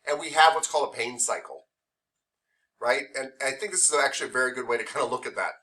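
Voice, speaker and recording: A man lectures a classroom of massage therapy students, easygoing and conversational, building his point through playful hypothetical stories. His voice is bright and forceful, sitting at an ordinary pitch. He sounds a little distant from the microphone. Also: quick pace.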